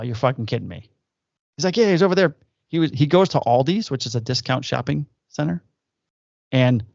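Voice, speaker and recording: A man's voice: medium pitch, vocal fry, no room sound, highs cut off. A man, a police officer co-hosting a podcast, telling profane stories in casual chat. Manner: profane, animated anecdote telling with acted quotes.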